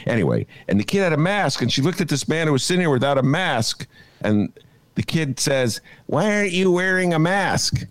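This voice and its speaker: A man's voice: medium pitch, fairly quick, no room sound. A man hosting a podcast, talking in a rambling, casual way with lots of fillers as he tells stories and riffs on the news. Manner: rambling, animated storyteller with many fillers. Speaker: podcast host. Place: apartment.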